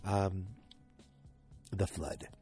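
A man's voice: low-pitched, steady tone, very slow, dark tone, soft background music. A sleepy, yawning man at home, casually rambling through a recap of a TV episode as a podcast host. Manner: rambling, chatty, full of asides. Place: at home in front of the TV.

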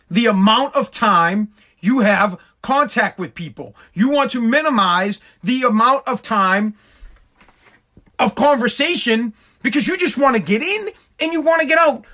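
A man's voice: high voice, expressive, unhurried, sharp tone. A man, a podcast host ranting with lots of swearing, exasperated and emphatic. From Woburn, Massachusetts, USA. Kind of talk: comedic profane rant.

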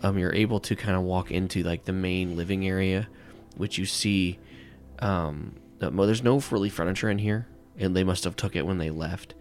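A man's voice: sits low, fairly even intonation, moderate pace, few pauses, soft background music. A man narrating a tabletop game as game master, rambling and filling with "like" and "um.". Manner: rambling, full of "like" and "um".

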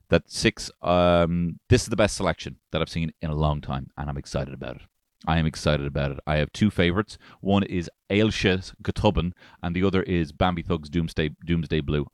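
Deep-voiced Irish man ranting irreverently. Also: a little fast, no room sound, clean studio sound. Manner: irreverent, profane, rambling jokey asides. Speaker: podcast host. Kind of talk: casual podcast chat.

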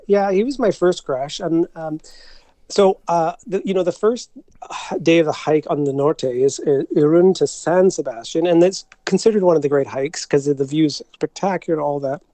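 A man with a somewhat raised, mellow voice recounts a personal story as an interview guest. He talks in a halting way, restarts his sentences often and breaks into laughter. The sound is close and dry. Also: a little high, no room sound.

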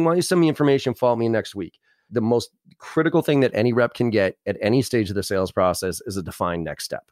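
A man giving brash, animated sales advice in a podcast conversation, acting out both sides of sales calls. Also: fairly low pitch, dry recording, studio quality. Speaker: sales trainer guest.

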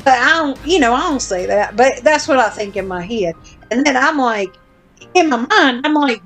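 A woman's voice: high voice, expressive, normal speed, fairly bright tone, soft background music. A woman podcast host telling a long story in casual chat, blunt and self-deprecating, with casual swearing.

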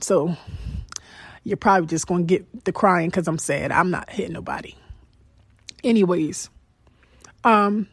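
A woman's voice: medium pitch, no echo. A young adult woman podcast host tells a personal story in a blunt, profane, emphatic way. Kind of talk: candid storytelling monologue.

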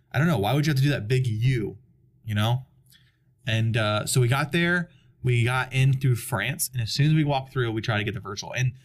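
A young adult man chatting casually on a podcast, telling a long story and acting out the people in it. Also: mid-range voice. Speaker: podcast guest. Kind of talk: casual chat.

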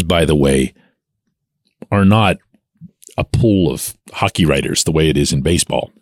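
A man hosting his own sports podcast, talking through hockey news in a measured, conversational, explanatory way. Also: low-pitched, dry recording, clean studio sound. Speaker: sports columnist and podcast host. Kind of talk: solo sports podcast commentary.

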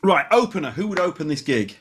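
A man hosting a podcast, chatty, quick to laugh and self-deprecating. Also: fairly high pitch, sing-song, a bit bright, breathy edge. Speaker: podcast host. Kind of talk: casual podcast interview.

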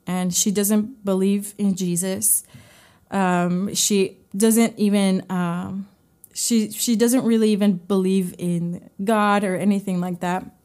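A woman gives a heartfelt devotional teaching as a podcast host. She talks slowly at a mid pitch, lingering over her words with the odd filler. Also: a little mellow. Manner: earnest, heartfelt; unhurried, with fillers.

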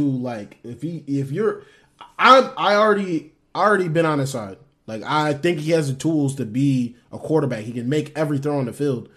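A young man co-hosting a casual sports podcast, talking quick and animated, often trailing off and restarting. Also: on the high side. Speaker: podcast co-host.

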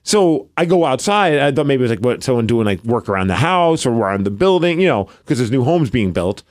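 A middle-aged podcast co-host tells a story in casual conversation, animatedly acting out the voices of the people in it. His voice is mid-range and his delivery brisk.

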